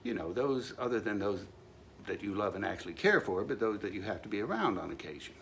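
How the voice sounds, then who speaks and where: A man's voice: fairly low pitch, big pitch swings, fast, vocal fry, fairly bright tone, a little hiss or hum. A man hosting his own show, telling a comic monologue in a wry, mock-solemn way with playful asides. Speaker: show host.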